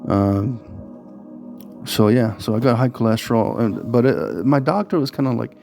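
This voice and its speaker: A man's voice: medium pitch, lively intonation, moderate pace, gravelly, warm tone, soft background music. A man talking casually to camera in a rambling vlog, with lots of fillers and restarts. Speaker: vlogger.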